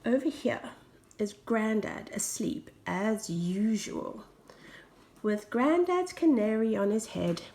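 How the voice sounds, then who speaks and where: Slow, expressive woman reading a storybook. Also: a little high, vocal fry. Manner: expressive, with soft whispered asides. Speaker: storybook reader. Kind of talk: reading a children's picture book aloud.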